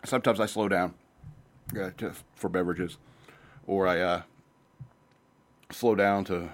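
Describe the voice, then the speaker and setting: Man hosting his own show, low-ish voice, loose rambling chat with swearing, hops from topic to topic. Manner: rambling, profane, jumps between topics; says he talks fast. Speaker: podcast host. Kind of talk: casual rambling monologue.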